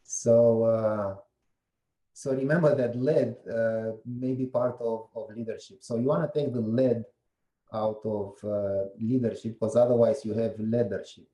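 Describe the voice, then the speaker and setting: A man's voice: medium pitch, fairly even intonation, measured pace, dark tone, echoey room, lo-fi sound. A man giving a meetup presentation, explaining slides one by one and putting questions to the audience. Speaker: guest presenter.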